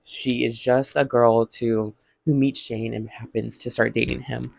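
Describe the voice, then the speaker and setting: A man's voice: medium pitch, level tone, a little slow, gravelly, a little hiss or hum. A man casually recapping a TV episode in a vlog, rambling with lots of "like" and acting out what characters say. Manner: rambling, heavy use of "like", acts out quotes. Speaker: vlogger.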